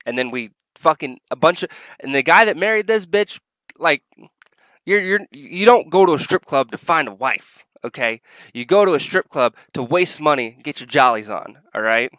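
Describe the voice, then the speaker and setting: A man's voice: on the high side, lively intonation, moderate pace, sharp tone, dry recording. Profane, angry man ranting. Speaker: vlogger. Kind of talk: reaction rant.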